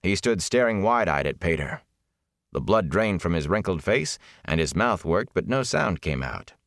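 Male audiobook narrator, very deep voice, lively pitch, dry close recording. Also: no room sound. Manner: measured, expressive storytelling. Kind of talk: scripted fantasy narration.

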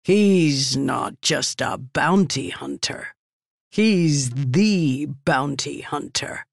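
A woman's voice: low-pitched, expressive, drawn-out words, vocal fry, dry recording, studio quality, exaggerated voice. A woman voicing a sly man spinning tales in a tavern, drawing out his words knowingly. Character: sly boastful male tavern storyteller.

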